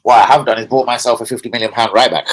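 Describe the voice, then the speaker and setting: Excitable, swearing football fan. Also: male voice, medium pitch, rapid-fire, a little hiss or hum, rough recording. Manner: excitable, swearing, slangy, rambling. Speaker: host of a football fan channel. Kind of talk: casual live-stream chat.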